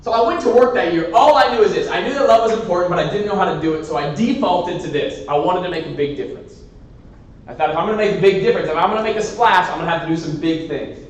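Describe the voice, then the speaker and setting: Animated male speaker in an echoey hall. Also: high voice, fast, far from the mic. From Washington state, USA. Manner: animated, lively storytelling with frequent laughter. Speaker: keynote speaker. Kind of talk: motivational storytelling speech. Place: large indoor assembly hall.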